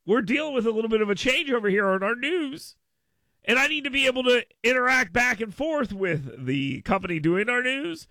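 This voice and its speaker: Man, talk radio host, rambling and repetitive, high voice, gravelly fry, dry studio mic. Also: sharp tone, no echo. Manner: rambling and repetitive, laughing often. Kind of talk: casual talk radio rant.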